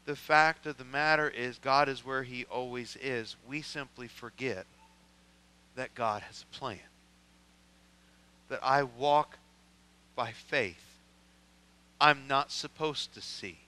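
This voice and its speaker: A man's voice: medium pitch, slow pace, long pauses, sharp tone, smooth, rough recording. A man with a Midwestern American accent preaching a sermon as a pastor, building to impassioned prayer. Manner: preaching with swelling intensity, voicing scripture prayers.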